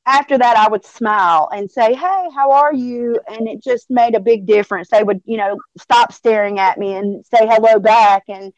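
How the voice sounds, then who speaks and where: A woman's voice: mid-range voice, fairly even intonation, moderate pace, few pauses, no room sound, dull audio. A middle-aged woman with a Southern American accent, talking emotionally and cussing freely as a guest on an online panel. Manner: chatty, emotional, swears freely. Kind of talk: casual chat.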